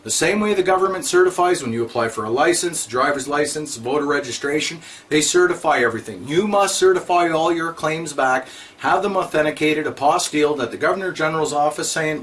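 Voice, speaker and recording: A blunt man delivers a scolding rant, repeating his points over and over. His voice sits a little higher than most men's. A faint hiss of noise runs under the recording. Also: a little fast, a bit bright. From Canada. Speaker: vlogger. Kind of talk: ranting monologue to camera.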